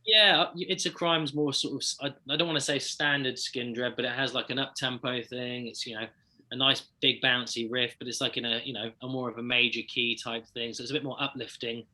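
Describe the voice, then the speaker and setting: Easygoing musician guest with a London accent; a very bright voice at a middle pitch. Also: male voice, fairly even intonation, a little fast. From United Kingdom. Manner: chatty, easygoing, laughs often. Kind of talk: casual interview chat.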